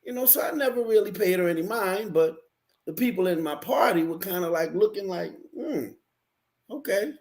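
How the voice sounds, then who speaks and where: A man co-hosting a podcast, telling a story in a lively way and acting out the people in it. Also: high-pitched, fairly quick. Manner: lively, acts out voices in his story. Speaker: podcast co-host. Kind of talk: animated storytelling.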